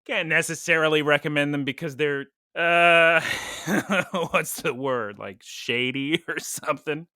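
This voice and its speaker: A man's voice: a little high, a little slow, bright, forceful tone, clean tone, no echo, studio quality. A man co-hosting a podcast, chatting casually and rambling, laughing now and then. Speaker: podcast co-host.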